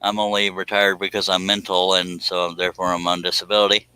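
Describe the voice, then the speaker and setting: Bright-voiced man hosting a livestream. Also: low-pitched, flat delivery, brisk, clear, resonant tone, no echo, low-quality recording. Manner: folksy, joking, reads viewer comments aloud. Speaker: livestream host. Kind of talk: casual livestream chat reading comments.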